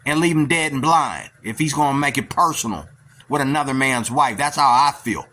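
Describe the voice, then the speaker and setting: Male commentator, bright and sharp-edged voice, blunt rambling opinions. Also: mid-range voice, moderate pace. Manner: blunt, opinionated, keeps asking "okay?". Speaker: video commentator.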